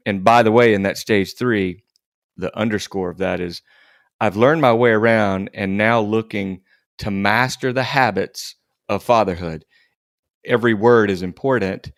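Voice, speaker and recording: A man's voice: lowish voice, steady tone, normal speed, gravelly, no echo, studio quality. A middle-aged man co-hosting a faith-based podcast, thinking aloud in a reflective, casual way. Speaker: podcast co-host.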